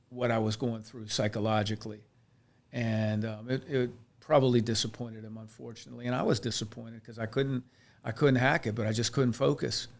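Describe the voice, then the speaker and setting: A man from Pennsylvania, a chiropractor and podcast guest, telling his life story in an earnest, reflective way with frequent restarts. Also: mid-range voice. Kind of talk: candid personal storytelling in a podcast interview.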